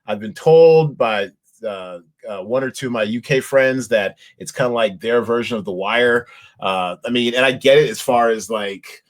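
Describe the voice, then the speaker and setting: A man's voice: medium pitch, moderate pace. Rambling male podcast host. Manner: rambling, restarts with lots of fillers. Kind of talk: casual chat.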